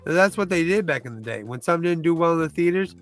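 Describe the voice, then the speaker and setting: A man's voice: a little high, lively intonation, fast, fairly bright tone, faint music behind. Rambling man chatting about movies. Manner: rambling and loose, often restarting and groping for names. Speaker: movie reviewer. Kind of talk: casual movie countdown chat.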